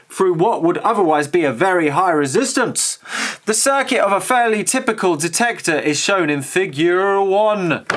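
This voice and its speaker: Male host, higher-pitched, casual and enthusiastic, reads tech text aloud and riffs on it. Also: fairly bright tone. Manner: enthusiastic, chatty, musing asides. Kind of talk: reading aloud and commenting on an old magazine.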